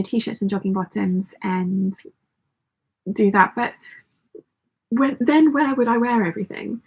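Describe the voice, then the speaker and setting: A woman hosting a casual sewing vlog, chatting brightly with many restarts as she reads out viewer comments from her sewing room at home. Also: on the high side, gravelly, husky. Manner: chatty, bubbly, with frequent restarts. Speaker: sewing vlogger host. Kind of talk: casual live chat reading viewer comments.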